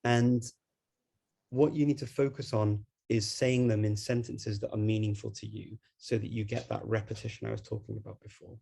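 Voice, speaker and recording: Gravelly Scouse man talking languages. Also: fairly low pitch, flat delivery, normal speed, dark tone. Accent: Scouse, Liverpool. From Liverpool, England. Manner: chatty, laughs between points. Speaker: guest speaker on language learning. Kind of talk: online talk.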